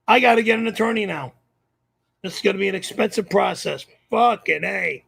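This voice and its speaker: A middle-aged man on a livestream, prone to loud profane outbursts, with a gravelly voice. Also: high voice, fairly quick. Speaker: show regular. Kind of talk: livestream banter.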